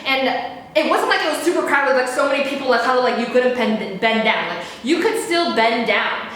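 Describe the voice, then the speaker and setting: A young adult woman telling a story in a casual, fast, frantic rant, repeating herself and swearing. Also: high voice, animated, a bit bright. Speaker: vlogger. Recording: very echoey room.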